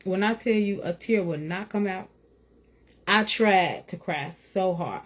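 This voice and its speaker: A woman's voice: mid-range voice, unhurried. A woman giving an informal faith talk and personal testimony, conversational and earnest, with lots of "you know" and a laugh now and then. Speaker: speaker sharing faith testimony.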